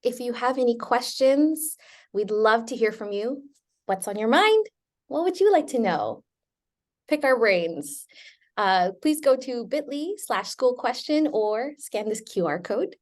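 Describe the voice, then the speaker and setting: A woman's voice: fairly high pitch, animated, unhurried. A woman hosting a live stream, upbeat and welcoming as she introduces a guest over a video call. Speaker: host.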